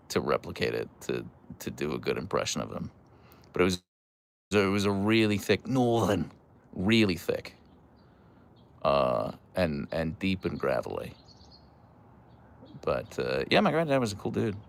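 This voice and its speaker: Animated low-voiced man rambling on a stream. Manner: animated, rambling with many asides and restarts. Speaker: livestream host. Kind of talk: casual live-stream chat, reading viewer messages.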